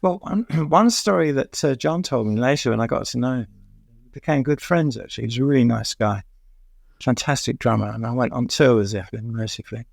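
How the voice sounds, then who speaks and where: A man's voice: medium pitch, a little fast, gravelly, no room sound. An older man from England, a music journalist telling anecdotes in an interview, rambling with lots of "uh" fillers and chuckles. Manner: rambling, many "uh" fillers, chuckles at his own stories.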